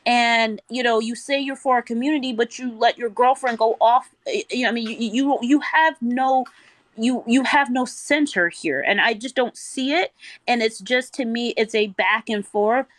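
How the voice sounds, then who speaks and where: A woman's voice: on the high side, moderate pace, no room sound. Blunt, confrontational woman on a dry mic. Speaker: TikTok live guest. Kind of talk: casual live-stream argument.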